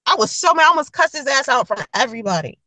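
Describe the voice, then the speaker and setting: A young woman telling a dating story to camera in a blunt, profane, animated way, acting out the quotes. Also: high-pitched, racing, dry recording, poor audio. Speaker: vlogger giving dating advice.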